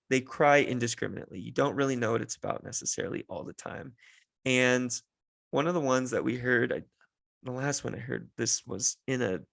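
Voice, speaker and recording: A man's voice: mid-range voice, creaky, fairly bright tone, dry recording. A tired man hosting a solo podcast, telling stories about parenting in an exasperated, sarcastic way. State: tired, run down. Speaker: podcast host and father.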